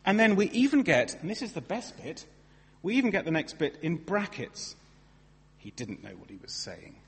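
A preacher with a slightly raised, husky voice delivers a chatty, self-mocking sermon. His words ring out with a long reverb through a big church hall. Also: sits high, normal speed. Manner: lively, conversational, self-deprecating storytelling.

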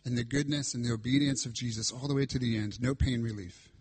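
A man's voice: medium pitch, steady tone, quick pace, a little mellow, slightly rough. A male pastor preaching a sermon, reading scripture aloud and stressing lines with dramatic emphasis.

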